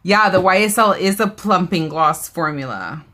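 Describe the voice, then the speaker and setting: A woman's voice: lowish voice, lively intonation, normal speed, bright, forceful tone. A woman, hosting a casual live beauty haul, chatting and reading viewer comments aloud. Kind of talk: casual live-stream chat.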